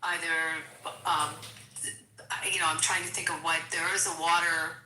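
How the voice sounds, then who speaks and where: A woman with a Philadelphia accent, a guest in a casual political discussion, talking haltingly with many restarts. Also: fairly low pitch, level tone, pushed and bright, echoey room, distant mic, low-quality recording.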